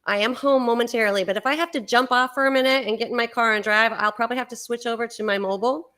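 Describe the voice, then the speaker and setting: A woman hosting a live-stream talk, chatty and excited, with many fillers. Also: on the high side, fast talker. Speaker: host. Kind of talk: casual live-stream chat.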